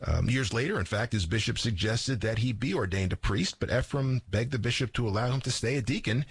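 A man on a radio program, telling the story of a saint in a measured, informative way. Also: mid-range voice, slightly rough, no room sound.

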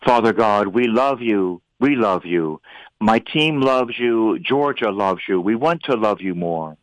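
A man, a priest and regular on a radio show, talking earnestly about faith and often rising into lively emphatic bursts. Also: on the low side, unhurried, no echo, poor audio. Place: radio studio.

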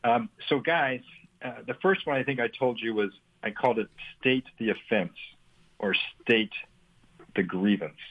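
Older male guest, earnest, restarts often, husky, over a phone line. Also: mid-range voice, measured pace. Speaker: guest speaker on forgiveness. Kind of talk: storytelling in a radio talk.

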